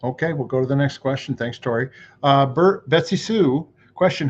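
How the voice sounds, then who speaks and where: A man hosting a livestream, reading viewer questions in a brisk, matter-of-fact way. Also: medium pitch, muffled recording, a little hiss or hum. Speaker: host.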